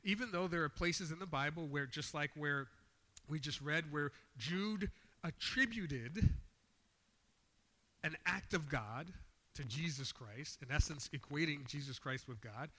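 A man's voice: on the high side, measured pace, pushed and bright, long reverb tail. A man preaching a sermon, reading scripture aloud with rising emphasis and explaining it in a plain, conversational way.

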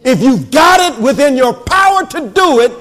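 Male minister with a very high voice, delivering a fervent sermon and shouting for emphasis. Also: big pitch swings, normal speed.

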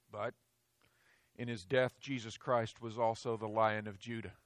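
A man preaching a sermon in an emphatic way, swinging from loud declarations to hushed, low phrases. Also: flat delivery, measured pace, no room sound, clean studio sound.

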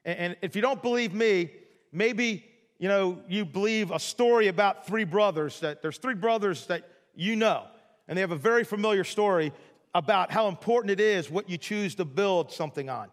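A man's voice: high voice, normal speed, long reverb tail. A male pastor preaching a sermon in a chatty, jokey storytelling way, full of asides to the audience.

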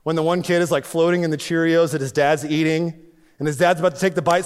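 A man preaching a sermon as pastor, swinging between loud emphatic lines and hushed ones. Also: sits high, fast. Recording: long reverb of a large hall.

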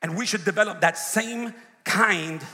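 High-voiced preacher man, gravelly, big church echo, goes from quiet asides to yelling. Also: measured pace. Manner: preaching with big swings from hushed asides to shouted peaks. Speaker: pastor. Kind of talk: sermon. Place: church sanctuary. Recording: long reverb of a large hall.

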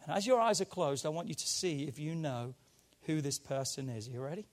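Male pastor, high-pitched voice, conversational preaching with hushed stretches and emphatic lifts. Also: fairly quick. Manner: conversational preaching, dropping to a hush then rising with emphasis. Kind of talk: sermon.

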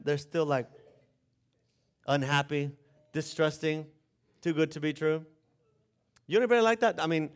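A man preaching a sermon, retelling a story with animated acted-out voices for the characters. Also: on the high side. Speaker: pastor.

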